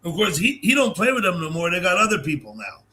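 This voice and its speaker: A man's voice: high-pitched, big pitch swings, fast, a crowd in the background. An older man chatting as a guest on a livestream over a video call, easygoing and storytelling. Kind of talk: casual livestream chat.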